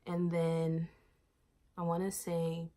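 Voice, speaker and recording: Young woman vlogger from Miami, casual storyteller, slightly low voice, dramatic swings when she quotes people. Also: slow. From Miami, USA. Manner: animated, acts out quoted lines with big swings in pitch and volume. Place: bedroom, sitting on her bed.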